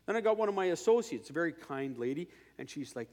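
Male preacher with a fairly high voice, chatty sermon that shifts between loud and hushed. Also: very animated, fast talker, in a large hall. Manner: swings between loud declarations and quiet asides; conversational, with fillers and tag questions.

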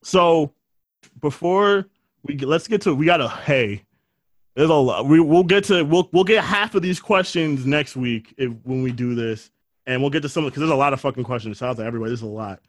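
A man's voice: on the high side, a little fast, no echo, clean studio sound. A man co-hosting a podcast, casually and profanely recapping horror movies with jokey quoted voices. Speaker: podcast co-host.

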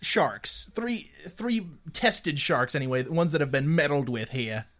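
A man's voice: on the high side, sing-song, a little slow, fairly bright tone. A man co-hosting a casual movie recap podcast, laughing often, swearing and calling his friends dude. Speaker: podcast co-host.

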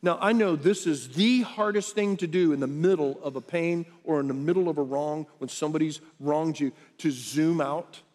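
Male pastor, sermon delivery, slightly higher voice, conversational, long hall reverb. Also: moderate pace, hardly any pauses. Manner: conversational, with lively acted quotes.

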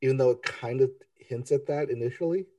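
A man co-hosting a TV review podcast, talking in a relaxed, offhand way. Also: mid-range voice, brisk, dry recording, distant mic. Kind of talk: casual chat.

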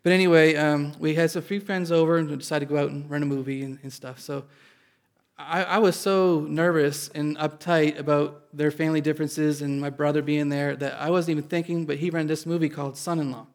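A male pastor from Indiana telling an audience a personal story in an animated, self-deprecating way. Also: on the high side, brisk.

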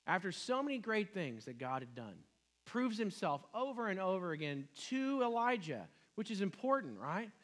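A man's voice: sits high, sing-song, normal speed. A man preaching a sermon, retelling a Bible story in casual words, asking his listeners questions and acting out the quoted lines. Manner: retells scripture conversationally, asks the listeners questions; acts out quoted lines with dropping and rising voice. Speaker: pastor.

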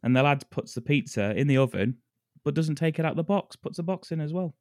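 A man co-hosting a podcast, recapping a film plot in a relaxed, laughing, sweary way. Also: a little high, a little fast, dry recording, studio quality. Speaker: podcast co-host. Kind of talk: casual chat, recapping a film.

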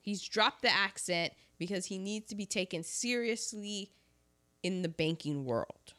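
A woman's voice: mid-range voice, unhurried. A woman co-hosting a casual chat, recapping a film with jokes and playful asides. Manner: animated, jokey, acts out characters in exaggerated voices. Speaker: podcast co-host.

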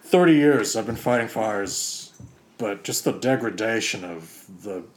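A man's voice: lowish voice, animated, a little slow. A man with an Australian accent improvising an exasperated, swearing veteran fire chief in a comedy role-play. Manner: exasperated, grumbling, swears freely. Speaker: comedy podcast co-host.

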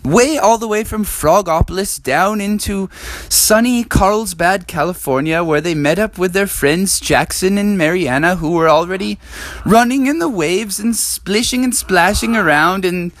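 A man telling an improvised bedtime story in an animated, rambling way. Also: high voice, unhurried, no room sound.

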